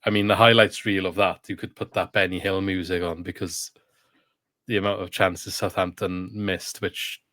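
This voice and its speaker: Low-voiced man hosting a podcast chat. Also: little pitch movement, normal speed, fairly bright tone, no echo, clean studio sound. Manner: chatty, steering the conversation with questions. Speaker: podcast host. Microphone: video call.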